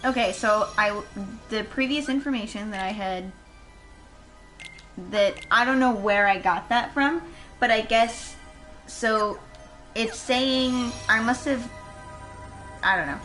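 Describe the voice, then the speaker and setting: Young woman, game stream co-player, slow unhurried talk, thinking aloud, game music behind. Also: fairly high pitch, a bit bright, rough recording. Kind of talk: casual gameplay chat.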